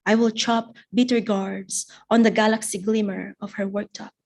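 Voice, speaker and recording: A woman poet giving a live poetry reading in a measured, deliberate recitation. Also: medium pitch, flat delivery, vocal fry, darkish tone.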